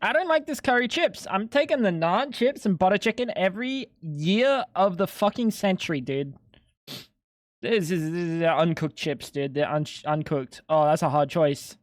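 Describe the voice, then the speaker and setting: A man's voice: fairly high pitch, moderate pace, dry recording, clean studio sound. A young man streaming live, chatting casually with his viewers in a laid-back, slangy way with some swearing.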